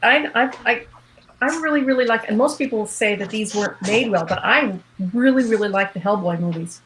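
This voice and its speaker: A woman's voice: medium pitch, a little fast, a bit bright, slight background noise, rough recording. A woman panelist in a casual group chat, telling stories in a chatty way. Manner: chatty, storytelling.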